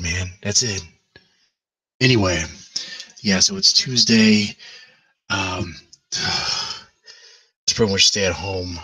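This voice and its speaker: A man talks loosely and at length on his own live stream, swearing freely as he rambles. His voice sits a bit low and sounds husky, with a bright, forceful edge, and the recording is dry and close. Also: distant mic, low-quality recording. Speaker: livestream host. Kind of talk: casual chat.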